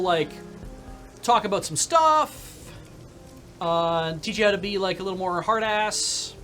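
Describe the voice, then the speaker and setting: A man playing a video game on stream, reading the story text aloud and then rambling about his choices in a casual way. His voice is somewhat high, with a lively, animated pitch. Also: normal speed, faint music behind.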